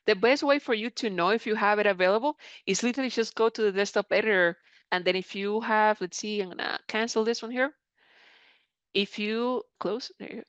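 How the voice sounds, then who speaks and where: A woman hosts a live software tutorial in a conversational, encouraging tone, reading out viewer comments as she goes. Her voice is smooth and clean, recorded dry with slightly dull, lo-fi sound. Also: mid-range voice, fairly quick, no echo. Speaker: creator program mentor presenting a live session. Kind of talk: live software tutorial, answering chat questions.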